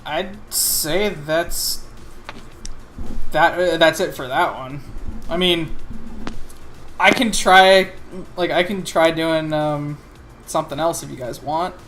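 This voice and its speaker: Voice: medium pitch, takes it slowly, long pauses, fairly bright tone, faint music behind. A game master narrating a tabletop game, rambling and hesitant with many fillers.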